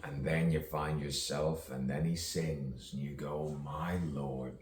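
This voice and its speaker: A man's voice: very deep voice, fairly even intonation, takes it slowly, darkish tone, slight background noise. A man improvising a rambling, rhyming stream-of-consciousness monologue with chuckles between lines, recorded from a distance. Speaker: poet. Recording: roomy echo, distant mic, faint ambience.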